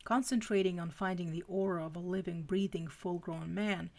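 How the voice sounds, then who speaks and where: A woman reading fan fiction aloud on a live stream, expressive, with quick asides. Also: lowish voice, gravelly. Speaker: fanfiction reader.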